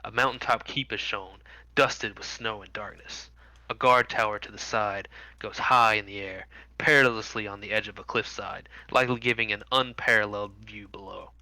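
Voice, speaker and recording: Man game master narrating a tabletop game, bright, sharp tone, dry sound, descriptive with fillers. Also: fairly low pitch, fairly even intonation, normal speed, no echo, low-quality recording. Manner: vivid description with frequent fillers. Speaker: dungeon master.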